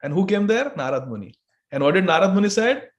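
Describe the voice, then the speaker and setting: A male preacher tells a sermon story in an animated voice. His voice sits high for a man. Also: quick pace.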